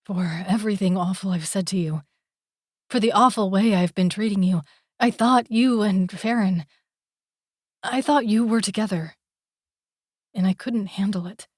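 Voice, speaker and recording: A woman's voice: medium pitch, moderate pace, pauses often, a little mellow, no room sound, studio quality, lightly acted. A woman voicing a jealous, possessive young man in an audiobook, throwing crude, cutting accusations. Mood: remorseful. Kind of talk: audiobook character voice.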